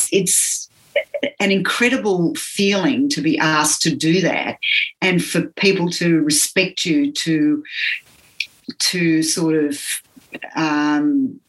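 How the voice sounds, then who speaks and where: An older Australian woman with an accent from home, reflecting on her teaching career in an earnest, halting way with many pauses. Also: sits low, steady tone, rough recording. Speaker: interviewee, physiotherapy teacher. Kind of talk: reflective interview talk.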